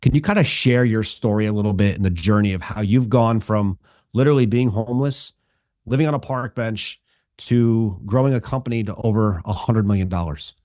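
A man hosting a podcast interview, upbeat and energetic as he welcomes his guest. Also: fairly low pitch, brisk, no room sound, studio quality. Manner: energetic, excitable. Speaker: podcast host.

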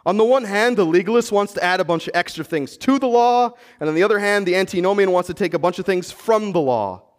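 An American man preaching a sermon as pastor, earnestly teaching and pressing emphatic rhetorical questions. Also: high voice. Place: church sanctuary.

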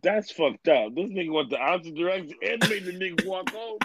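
A young man sits in on a casual chat, tossing in crude jokes and reactions. His voice sits a little higher than most men's, and his delivery is loose and playful. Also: a little fast, background noise. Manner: joking, profane, playful interjections.

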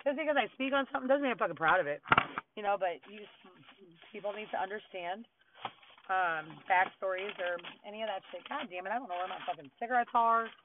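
A woman's voice: medium pitch, fast, noisy background. A woman hosting a podcast, telling a story in a casual, rambling monologue, blunt and full of swearing. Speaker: podcast host. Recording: tinny phone-like audio.

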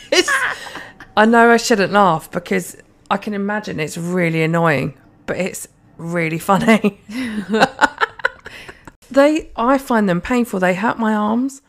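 A woman's voice: medium pitch, normal speed, hardly any pauses. A young woman co-hosting a podcast in casual chat, blunt, dry and sweary. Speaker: podcast co-host.

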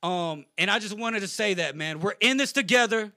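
A man's voice: high voice, expressive, normal speed, pushed and bright, no echo. A man co-hosting a podcast, speaking in an impassioned, apologetic way and close to tears. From Latino. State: emotional, close to crying. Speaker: podcast co-host. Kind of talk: emotional podcast rant.

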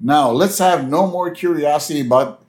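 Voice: mid-range voice, moderate pace, a little mellow, voice pushed up, lightly acted. A podcast host voicing a fussy male school principal in a stiff, officious tone.

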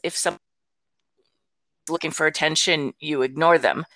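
A woman's voice: sits low, steady tone, a little slow, fairly bright tone, no room sound. An older woman, a grandmother and guest, telling a story in casual conversation, acting out quotes with frequent restarts and light laughs.

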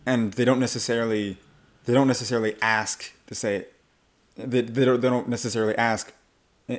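A man who works as an accent coach, talking casually in an interview and acting out the voices of people he quotes. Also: on the low side. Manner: animated, acts out quoted voices.

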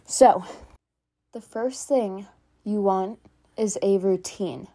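A young woman with a mellow, warm voice talks earnestly at home, rambling a little and leaning on fillers. She sounds like a teenager sharing personal advice in an easygoing podcast chat. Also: mid-range voice, slow pace. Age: teens. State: out of breath. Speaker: podcast host. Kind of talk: casual personal talk.

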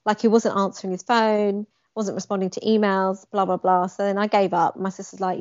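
A woman's voice: medium pitch, fairly quick, few pauses, dry recording. A young woman telling a personal story in conversation, animating the moments she describes. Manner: animated, acts out quoted lines with emphasis. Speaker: guest. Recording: dry, slightly dull lo-fi sound.

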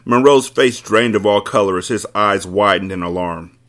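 Low-voiced man reading a novel aloud. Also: moderate pace, a bit bright. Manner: wry, joking asides. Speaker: host, book reader. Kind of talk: audiobook-style reading with commentary.

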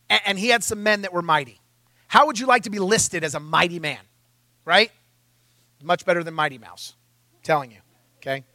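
A man preaching a sermon in a church, telling stories in an animated, self-mocking way. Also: sits high, no room sound. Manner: animated, self-mocking storytelling, acting out his own panic.

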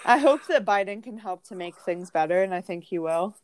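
A woman's voice: medium pitch, animated, fairly quick. A young woman in casual chat, telling stories with lots of fillers. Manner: chatty storytelling with many fillers.

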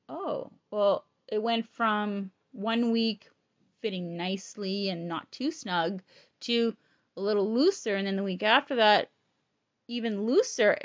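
A woman's voice: mid-range voice, dull audio. A woman casually telling a personal story, frank and rambling, swearing freely. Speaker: storyteller sharing personal illness experience.

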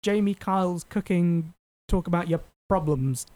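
A man's voice: high voice, a little slow, darkish tone. A young man, co-hosting a casual comedy podcast with a sarcastic, mocking manner. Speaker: podcast co-host.

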